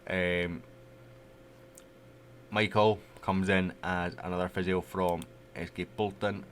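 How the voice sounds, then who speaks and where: A man with a deep voice talks loosely through a football management game, chatty and unhurried, with plenty of asides. A faint hum sits under his desk-mic recording. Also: little pitch movement. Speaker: gaming YouTuber. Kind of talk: casual game commentary.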